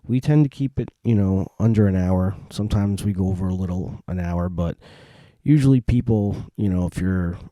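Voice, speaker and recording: A man hosting a solo podcast, chatting in a relaxed, rambling way with many fillers. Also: low-pitched, normal speed, no room sound. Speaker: podcast host. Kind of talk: casual solo podcast talk. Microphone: home podcast mic.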